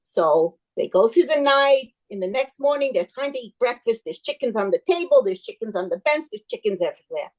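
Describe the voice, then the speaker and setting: A woman giving a club speech as an expressive folk tale, told with animation. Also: on the high side, fairly quick, hardly any pauses, low-quality recording. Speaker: club speaker.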